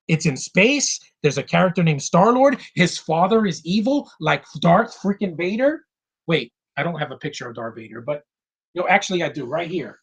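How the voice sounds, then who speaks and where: A man reviews films in an excited, ranting monologue. His voice is husky and sits a little high, and he swears freely and acts out bits of dialogue. He swings between loud outbursts and quieter grumbling. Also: normal speed. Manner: excited, animated, swears, acts out film lines. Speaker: film reviewer.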